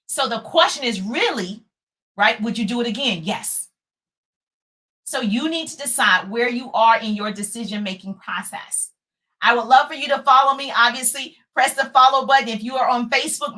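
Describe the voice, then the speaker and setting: A middle-aged woman coaching viewers in an animated, chatty live-stream talk. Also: a little high. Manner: animated, chatty, breaks into playful sung bits.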